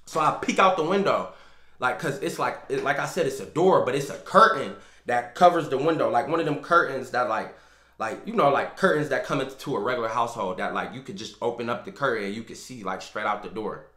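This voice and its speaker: A young man casually telling a story time in loose slang, full of fillers, getting loud and animated as he relives it. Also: mid-range voice, brisk. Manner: gets loud and animated when reliving the scene. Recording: echoey room.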